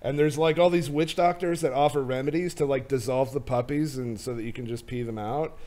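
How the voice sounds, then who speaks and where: A man's voice: medium pitch, fairly even intonation, brisk, darkish tone. A man hosting a podcast in casual chat, rambling and restarting his sentences. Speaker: podcast host.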